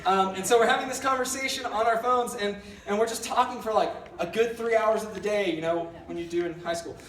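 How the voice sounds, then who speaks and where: A man's voice: sits high, fairly quick, a bit bright, roomy sound, recorded from a distance, slight background noise. A young man giving a casual youth sermon, telling a rambling story with lots of fillers and self-deprecating jokes. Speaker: youth pastor. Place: large church hall.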